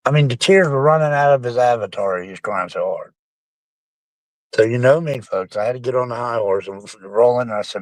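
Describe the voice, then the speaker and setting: A man's voice: mid-range voice, a little fast, dry recording. A middle-aged man, rambling casually and profanely to his live-stream chat, calling them folks.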